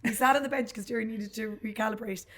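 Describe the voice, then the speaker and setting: An Irish woman from Limerick, co-hosting a podcast and telling stories in quick, animated casual chat. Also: a little high, over a noisy crowd. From Limerick, Ireland. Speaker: podcast co-host.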